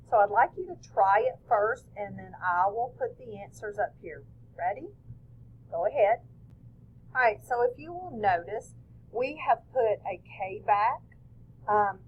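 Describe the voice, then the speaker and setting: A woman's voice: on the high side, narrow, tinny audio, slight background noise. A woman teacher explaining a phonics lesson patiently step by step.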